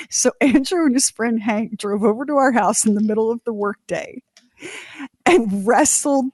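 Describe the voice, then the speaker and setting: A woman's voice: a little high, normal speed, no room sound, clean studio sound. A middle-aged woman co-hosting a podcast, telling a long story in casual chat and acting out the voices of the people she quotes. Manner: animated, acts out quoted voices. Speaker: podcast co-host.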